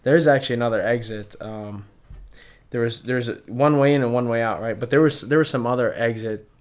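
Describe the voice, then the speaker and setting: A man telling a casual story among friends, loose and halting with restarts. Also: mid-range voice. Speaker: friend in conversation.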